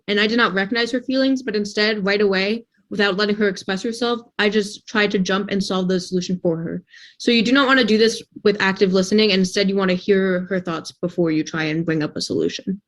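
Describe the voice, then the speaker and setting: A teenage girl acting out a role-play scene and then explaining it earnestly. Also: medium pitch. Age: teens. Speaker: student board member.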